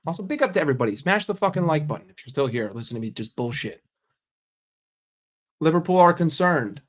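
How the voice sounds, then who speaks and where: A man hosting a casual live stream and bantering with his chat in an animated, profane way. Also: fairly high pitch, a little fast. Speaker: livestream host.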